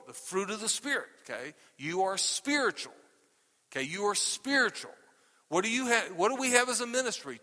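A male pastor preaching a sermon to his congregation, animated and tagging "okay?" onto nearly every point. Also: sits high, long reverb tail. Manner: animated, repeats "okay?" constantly. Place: church sanctuary. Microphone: microphone.

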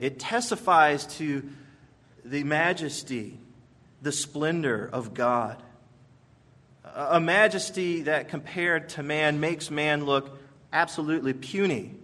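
A man as pastor, delivering a sermon in an emphatic storytelling manner with measured pauses. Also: fairly high pitch, a bit bright.

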